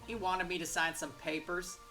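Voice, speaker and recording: A defiant street-urchin girl pickpocket, as a woman reads her for a game, trusting no one. She talks in a gruff mock Texas drawl full of clipped slang. The tone is bright and pointed, with faint music behind. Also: fairly low pitch, little pitch movement, normal speed, low-quality recording.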